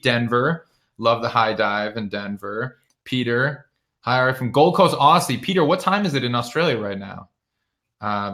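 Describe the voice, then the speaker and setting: A man's voice: medium pitch, pushed and bright. A young man chatting casually on a live stream, greeting viewers by name and reading out their comments. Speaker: author and musician hosting a live stream. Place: home, near his bookshelf.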